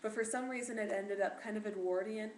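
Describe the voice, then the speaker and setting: Teen girl vlogger, chatty and rambling, mid pitch, echoey room with faint hiss. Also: fairly even intonation, a little fast. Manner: rambling, filler-heavy, self-deprecating. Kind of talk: casual chat to camera.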